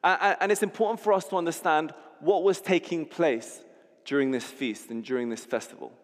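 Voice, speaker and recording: A man's voice: fairly high pitch, brisk. Guy preaching, paints the scene, trips over words a bit, long reverb. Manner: vivid storytelling, repeats words when restarting. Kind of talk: sermon.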